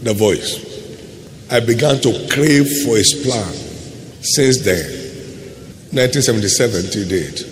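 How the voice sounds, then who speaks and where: An older man preaching a sermon, quoting scripture with dramatic rises and drops in pitch and loudness. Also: a little hiss or hum. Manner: preaching with dramatic swings in pitch and loudness, drawn-out emphatic phrases. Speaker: pastor. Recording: echoey hall with faint ambience.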